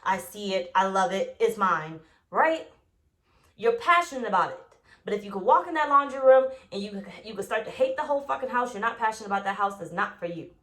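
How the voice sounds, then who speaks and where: Lady doing tarot, kinda high voice, blunt, swears a lot, keeps hammering the same point. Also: expressive, fast, fairly bright tone. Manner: blunt, profane, emphatic, repeats points; acts out quoted voices. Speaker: tarot reader. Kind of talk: tarot reading monologue.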